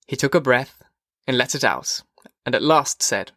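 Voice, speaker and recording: This is scripted audiobook narration by a man reading at a steady, measured pace. He speaks at a medium pitch, captured in clean studio sound without any room sound.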